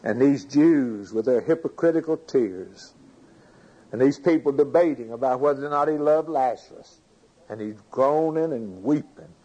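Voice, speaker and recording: A man's voice: mid-range voice, moderate pace, dark tone, husky, highs cut off. A man preaching a sermon, reading scripture aloud, commenting on it and putting questions to his congregation.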